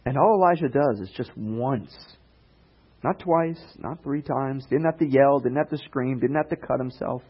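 Casual male preacher, chatty storyteller with dry asides, husky tone, lo-fi sound. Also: medium pitch, normal speed. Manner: conversational, sarcastic asides, jumps into voices for characters. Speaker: pastor. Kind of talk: casual sermon with acted-out retellings.

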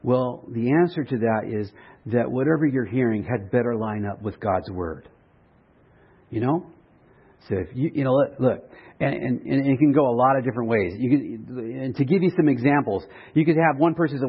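A man preaching a sermon in a relaxed, conversational way, with restarts and light humor. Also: mid-range voice, measured pace, slightly rough, dull audio. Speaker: pastor.

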